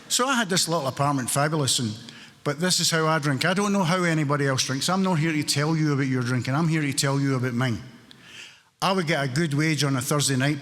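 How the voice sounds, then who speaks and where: Glaswegian man, wry storyteller, echoey hall. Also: medium pitch. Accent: Glaswegian Scottish. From Scotland. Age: 60s. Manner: wry, joking, animated storytelling. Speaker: AA meeting speaker. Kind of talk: recovery share, storytelling. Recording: reverberant hall.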